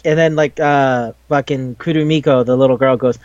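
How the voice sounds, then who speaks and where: A man recapping an anime episode in casual chat, animated and profane, acting out the characters' lines. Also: a little high, fast, few pauses, no room sound, muffled recording. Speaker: podcast co-host.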